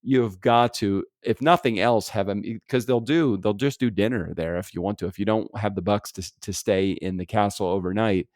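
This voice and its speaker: A relaxed American man chats on a podcast, rambling through his story with frequent laughs and casual swearing. His voice sits on the lower side, and the recording is close and dry with no room sound. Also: moderate pace, few pauses, no echo. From United States. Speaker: podcast co-host. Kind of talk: casual chat. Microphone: remote podcast recording setup.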